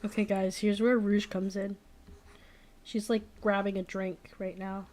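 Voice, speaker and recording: A young woman talks casually at a middle pitch, wandering through her thoughts with plenty of fillers and restarts. She is blunt and opinionated about what she likes and doesn't. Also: little pitch movement, a little slow, darkish tone. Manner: rambling, frequent fillers and restarts. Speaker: streamer. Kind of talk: casual chat.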